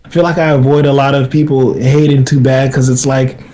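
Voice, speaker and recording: A man's voice: mid-range voice, level tone, brisk, crowd noise. A man who is a filmmaker, appearing as a podcast guest, who talks through his stories thoughtfully with many fillers. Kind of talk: casual chat.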